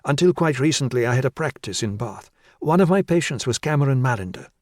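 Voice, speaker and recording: A man's voice: medium pitch, lively intonation, a little fast, a little mellow, no echo, studio quality, voice pushed up, close to an everyday voice. A man playing a nervous middle-aged woman psychiatrist. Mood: hesitant. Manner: hesitant, careful. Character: nervous woman psychiatrist in her late forties.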